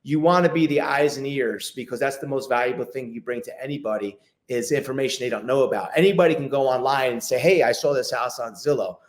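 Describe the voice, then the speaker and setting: A man's voice: medium pitch, fast. Chatty man telling sales stories. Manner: chatty, acts out phone calls with clients, many restarts. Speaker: luxury real estate agent, guest. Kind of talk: casual interview talk.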